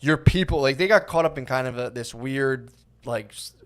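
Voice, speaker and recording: A man's voice: medium pitch, moderate pace, a bit bright, smooth. Rambling man on a comedy podcast. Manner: rambling storyteller, heavy on "like" and "dude". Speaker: podcast co-host. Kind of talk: casual comedy podcast chat.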